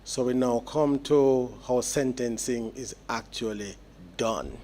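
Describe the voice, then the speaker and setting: A man, a judge delivering sentencing remarks in court in a measured, explanatory way with deliberate pauses. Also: mid-range voice, mellow, a little hiss or hum.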